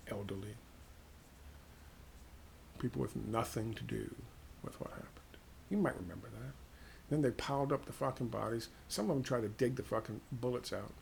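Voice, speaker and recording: A man with an American accent giving a heated, profane political monologue, firing off rhetorical questions and dropping to hushed tones. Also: fairly low pitch, gravelly, slight background noise. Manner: ranting, drops to hushed tones. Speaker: political commentator.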